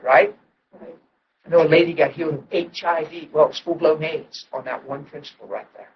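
A man preaching a sermon, telling his testimony with emotional storytelling that swings from hushed to loud. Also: on the high side, distant mic, dull audio, a little hiss or hum.

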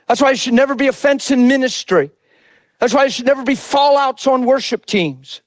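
A male preacher delivering an impassioned sermon that swings between shouted lines and soft, intimate asides. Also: very high voice, moderate pace, dry recording.

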